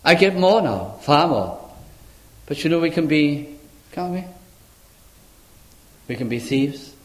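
An older man preaching a sermon in an earnest, pleading way, asking rhetorical questions and rising into sudden high exclamations. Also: expressive, slow, roomy sound. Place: church.

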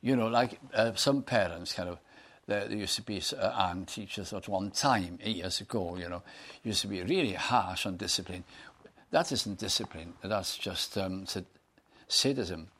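A man's voice: deep voice, normal speed, fairly bright tone. A man preaching a sermon, reading scripture aloud and putting earnest questions to his listeners.

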